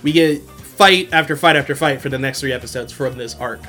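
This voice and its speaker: A man's voice: medium pitch, fairly quick, sharp tone, soft background music. A young man hosting a podcast, recapping an anime in casual, slangy chat and laughing often. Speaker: podcast host.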